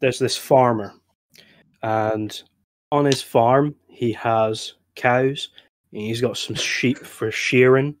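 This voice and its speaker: A man narrates a silly story during a video call game. He delivers the jokes deadpan and playful, keeping the story rolling in an easy, steady way. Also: medium pitch, takes it slowly, a little hiss or hum. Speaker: player. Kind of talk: comic storytelling. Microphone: webcam video call.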